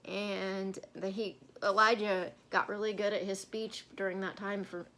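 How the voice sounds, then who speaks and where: A woman's voice: medium pitch, level tone, measured pace, fairly bright tone. A woman co-hosting a casual Bible-study chat, telling stories in a rambling way with many fillers. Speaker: co-host.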